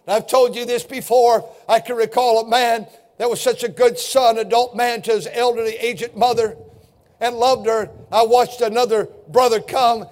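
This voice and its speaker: High-voiced older man preaching fiercely. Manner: impassioned, rising to shouts. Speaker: pastor. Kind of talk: fiery sermon.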